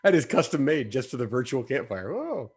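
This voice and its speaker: A man hosting a live online show, upbeat and jokey, bantering quickly with his co-host. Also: medium pitch, big pitch swings, darkish tone, husky.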